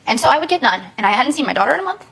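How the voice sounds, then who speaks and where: A young woman pours out her story on a talk show in a rushed, pleading flow. Her voice sits a little high and her words tumble out quickly. The sound is a clean studio recording. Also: very animated, vocal fry, fairly bright tone, slight background noise, rough recording. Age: young adult. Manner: rapid, pleading, emotional storytelling. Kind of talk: emotional talk show testimony.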